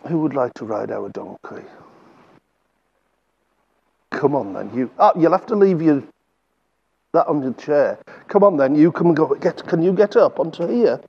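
A man with an English accent leading a lively children's Bible talk, coaxing the kids along and drawing out words slowly. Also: on the high side, vocal fry, slightly rough, muffled recording.

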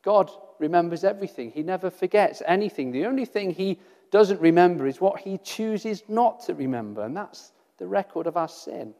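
A man with a fairly high voice preaches a sermon in an earnest, measured way. He keeps asking his listeners rhetorical questions and repeats key phrases. A long reverb trails his voice. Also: lively intonation, mellow.

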